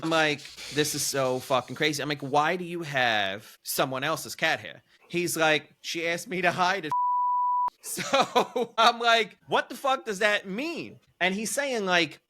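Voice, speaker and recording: A man, a podcast co-host telling a wild story in animated, profane, incredulous casual chat. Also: on the high side.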